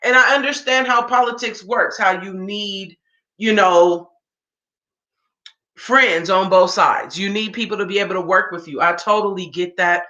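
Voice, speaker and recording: A woman's voice: medium pitch, expressive, measured pace, sharp tone. A woman giving a reaction commentary rant, emphatic and informal, firing off rhetorical questions. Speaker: political commentator. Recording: roomy echo.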